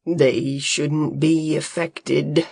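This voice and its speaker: A woman voicing a wiry, self-assured male farmer in a storybook reading, speaking calmly and slowly. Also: low-pitched, gravelly, slightly rough, no room sound, clean studio sound, exaggerated voice. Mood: steady.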